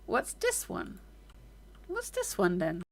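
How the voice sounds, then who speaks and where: A woman with an Australian accent, streaming casual reaction commentary with exclamations, free swearing and quick stories. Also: mid-range voice, huge pitch swings, vocal fry. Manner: exclamatory, swears freely, storytelling.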